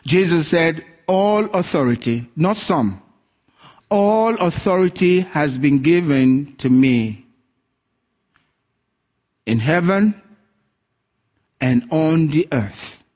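Male preacher, slightly raised pitch, animated storyteller who voices his characters. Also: slow pace, pauses often. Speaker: pastor. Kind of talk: sermon.

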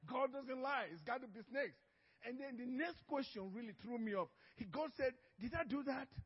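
A man's voice: very high-pitched, normal speed, husky, big-room sound, highs cut off. A man preaching a sermon as pastor, telling a story with frequent laughter and acted-out dialogue.

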